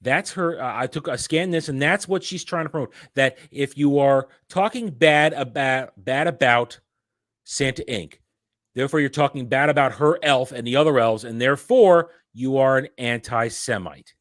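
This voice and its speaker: A man's voice: mid-range voice, normal speed, dry recording, studio quality. Ranting man hosting a commentary chat. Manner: ranting, animated, frequent restarts. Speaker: host.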